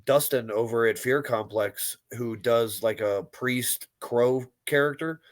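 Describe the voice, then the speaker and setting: A man's voice: mid-range voice, slow pace, no room sound. A man co-hosting a podcast, joking and laughing in casual chat.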